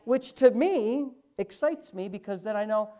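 A man preaching a sermon as pastor, emphatic, slipping from quick asides into loud, drawn-out stresses. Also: high-pitched, animated.

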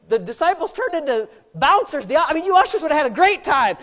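A woman's voice: high voice, sing-song, a little fast. A woman preaching a sermon, asking rhetorical questions and adding playful asides.

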